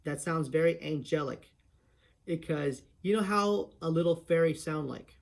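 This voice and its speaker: A man's voice: fairly high pitch, normal speed, vocal fry. A man presenting a voice impression tutorial in a chatty, step-by-step way, often restarting his sentences. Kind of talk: casual tutorial talk.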